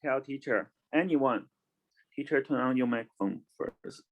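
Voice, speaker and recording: In an online lesson for kids, a man speaks slowly in a mid-range voice, repeating and spelling out words as he moves between English and Chinese. The recording has its high frequencies cut off.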